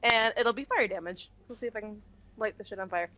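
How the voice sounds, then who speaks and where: Female player, quick and chatty, on a dull lo-fi call. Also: mid-range voice, pushed and bright. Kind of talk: casual tabletop play.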